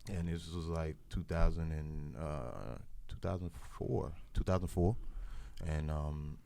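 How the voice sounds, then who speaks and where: A man's voice: very deep voice, measured pace, vocal fry, mellow. A man in his forties from Brooklyn, New York, telling a rambling story on a podcast and acting out the voices of people he quotes. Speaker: podcast cast member. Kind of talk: casual storytelling chat.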